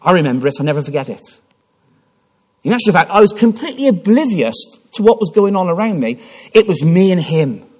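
A man delivers a sermon in a church. His voice is husky and sits a little high. His delivery swings widely in pitch, full of passionate restarts. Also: big pitch swings, brisk, darkish tone. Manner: impassioned storytelling with repeated restarts. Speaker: preacher.

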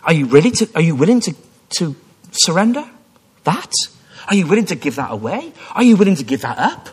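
Male preacher, sermon delivery, emphatic with restarts, lively rising and falling pitch. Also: fairly quick, slightly rough. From Wales. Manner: emphatic, rising to fervent repetition with frequent restarts.

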